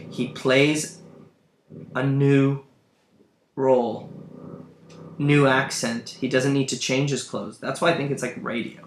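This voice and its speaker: A man's voice: mid-range voice, steady tone, unhurried, pauses often. A man teaching a lesson on a play, thoughtful and musing with emphatic bursts. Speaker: literature teacher. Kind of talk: lecture on a play. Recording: roomy room, faint background hum.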